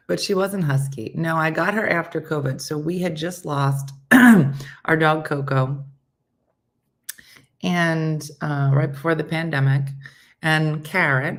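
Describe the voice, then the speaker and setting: A woman hosting a morning show, chatting casually and telling a rambling, animated story with acted-out quotes. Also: low voice.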